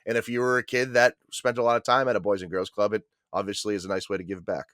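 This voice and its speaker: A man's voice: fairly low pitch, little pitch movement, quick pace, fairly bright tone, no room sound, studio quality. A man co-hosting a movie podcast, casual and laid-back, swearing freely. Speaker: podcast co-host. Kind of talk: casual chat.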